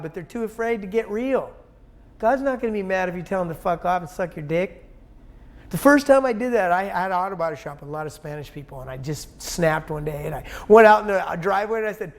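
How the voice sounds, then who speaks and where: High-voiced, blunt, profane male guest. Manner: blunt, profane, emphatic and rambling with many restarts. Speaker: interview guest. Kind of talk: casual conversational interview.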